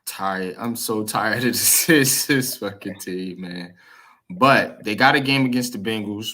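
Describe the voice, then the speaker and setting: A man's voice: lowish voice, a little slow, pushed and bright. A man hosting a casual sports chat, blunt and profane, repeating "man" as he talks.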